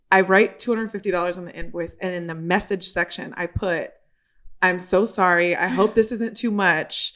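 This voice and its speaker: A woman guest on a podcast, telling a story in a lively, casual way and acting out the voices of the people in it. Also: on the low side, normal speed. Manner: animated storyteller acting out quoted dialogue; swears casually, laughs while telling.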